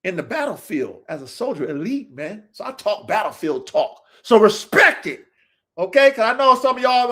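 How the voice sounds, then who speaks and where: A man's voice: sits high, big pitch swings, moderate pace, sharp tone. A man hosting his own show, talking unscripted to viewers in an aggressive, profane, preachy street style. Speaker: show host.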